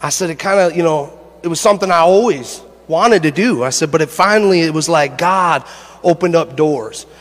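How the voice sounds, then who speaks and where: A man preaching a sermon, an animated storyteller who laughs through his stories and builds to shouted preaching. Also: a little high, normal speed, in a large hall. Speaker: pastor. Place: church sanctuary.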